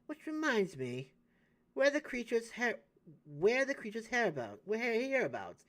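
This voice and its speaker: A man voicing a cool-headed woman sorceress from a video game, measured and lecturing. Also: very high voice, wildly swooping pitch, fairly bright tone, voice pushed up, full character voice.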